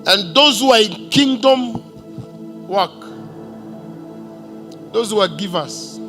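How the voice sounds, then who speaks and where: A man's voice: sits high, expressive, takes it slowly, pushed and bright, soft background music. A man with a Kenyan accent preaching a prophetic sermon in church, commanding and decreeing, with Swahili asides. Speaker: pastor. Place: church service.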